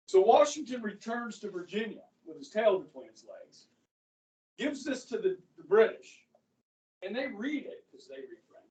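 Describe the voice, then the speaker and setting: With a warm, high voice that swings widely in pitch, this male American history teacher narrates a casual lecture at normal speed. He's chatty, often asking "okay?", and the sound is distant and echoey from a large classroom.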